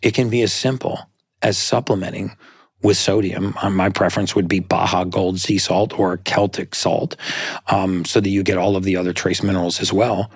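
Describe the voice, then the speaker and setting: A man's voice: low voice, fairly even intonation, moderate pace, slightly rough, no room sound, clean studio sound. A man speaking as a guest in a conversational interview, talking earnestly and explaining at length.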